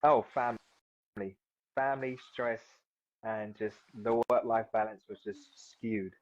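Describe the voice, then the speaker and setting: A man's voice: fairly low pitch, fairly even intonation, slow, no room sound. A man in his thirties from South London, chatting casually as an interview guest, rambling with lots of fillers and restarts. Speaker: guest, seaweed farmer. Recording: dull lo-fi sound.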